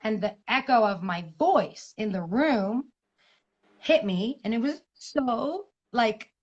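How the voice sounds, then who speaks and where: A woman in her thirties, a guest speaking candidly and frankly over a remote video call, telling personal stories with animated, profane language. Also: fairly high pitch, slow, muffled recording. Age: 30s. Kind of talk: candid conversational storytelling.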